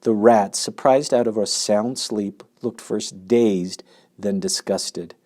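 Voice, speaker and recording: A man's voice: lowish voice, slow, darkish tone. A man reading a children's story aloud expressively. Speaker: narrator.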